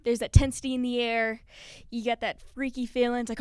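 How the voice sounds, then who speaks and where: A woman's voice: a little high, fairly quick, clear, resonant tone, no echo. A woman performing a personal story live on stage, nervous and giggly, acting out scenes as she goes. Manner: nervous and giggly, with animated acted-out quotes. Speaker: spoken word performer. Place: stage at a live community event.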